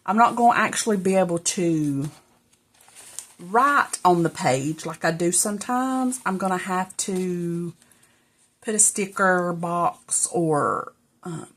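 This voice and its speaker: A middle-aged crafting vlogger speaks at a slow pace, her fairly low voice carrying a fairly bright tone. Working indoors in her home craft room, she chats casually to viewers, out of breath, rambling, and narrating to herself.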